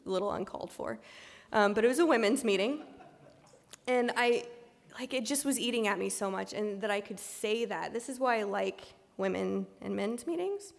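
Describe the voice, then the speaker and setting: A woman's voice: medium pitch, moderate pace, creaky, long reverb tail. A woman giving a candid, self-deprecating personal recovery talk, full of ums and restarts. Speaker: speaker sharing her recovery story at a meeting.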